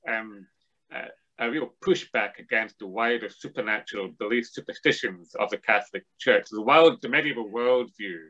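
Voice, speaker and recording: Bright-voiced man explaining at length. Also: medium pitch, dull audio. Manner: discursive, restarts often, lecturing tone. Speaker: interview guest. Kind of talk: thoughtful academic discussion.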